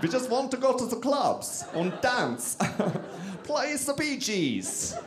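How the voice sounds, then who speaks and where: A man's voice: very high voice, wildly swooping pitch, takes it slowly, reverberant, a crowd in the background, voice pushed up, exaggerated voice. A man voicing a chipper, whimsical male German prison guard, with a put-on German accent and a sassy, sing-song manner. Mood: giddy.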